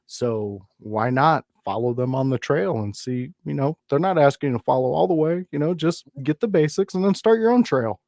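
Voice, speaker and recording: A man with a mellow, warm voice chatting on a wrestling livestream. He speaks in a laid-back, encouraging way, and the sound is dry and close. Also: fairly high pitch, animated, moderate pace, vocal fry, hardly any pauses, dry recording. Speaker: livestream co-host. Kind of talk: casual livestream chat.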